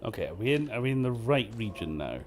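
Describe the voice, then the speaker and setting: Playing a game on stream, this man jokes his way through casual commentary, laughing often and making fun of himself. His mid-range voice has a darkish tone, very animated and quick.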